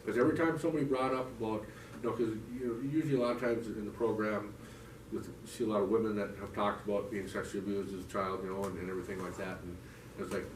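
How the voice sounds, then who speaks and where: A man's voice: fairly low pitch, fairly even intonation, rapid-fire. Earnest man speaking in an echoey hall. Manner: rambling and heartfelt, with many restarts and "you know". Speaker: speaker giving a personal recovery testimony. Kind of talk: personal testimony to a church recovery group. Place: church meeting room. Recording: echoey room, mic from a distance, faint noise.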